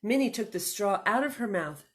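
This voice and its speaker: A woman's voice: mid-range voice, animated, moderate pace. A woman librarian reading a picture book aloud at storytime, with chatty, giggly asides to the children.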